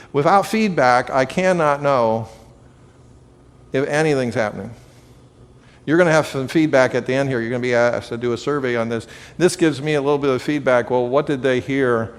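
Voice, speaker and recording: A man's voice: medium pitch, long reverb tail. A man teaching a class on communication, talking conversationally and telling everyday anecdotes. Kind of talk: lecture to a live audience.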